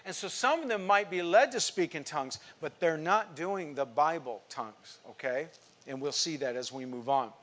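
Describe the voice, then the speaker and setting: A man preaching a sermon to his congregation, telling a personal story and swinging from quiet asides to emphatic outbursts. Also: fairly high pitch, moderate pace. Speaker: pastor.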